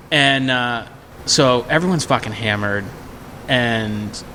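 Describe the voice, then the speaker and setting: A man at medium pitch talks slowly through a story about getting drunk at a convention, chatting casually as a podcast guest. He animates the quotes by raising his voice, and a little hiss or hum is audible.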